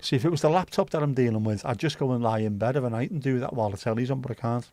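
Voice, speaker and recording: Male host, mid-pitched, easygoing and sweary, dry sound. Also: very fast, mellow, dry recording. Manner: laid-back, sweary banter. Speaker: livestream host. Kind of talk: casual chat reading viewer comments.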